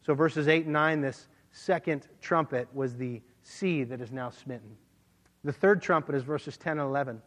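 A man's voice: medium pitch, normal speed, fairly bright tone. Preacher man in a reverberant hall. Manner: expository Bible teaching, reads scripture aloud. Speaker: pastor. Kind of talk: sermon.

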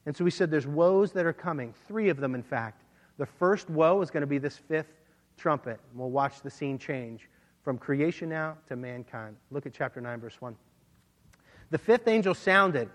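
A pastor with a slightly high, expressive voice preaches a sermon at a moderate pace, teaching verse by verse and reading scripture aloud. It's expository Bible teaching, recorded with long hall reverb.

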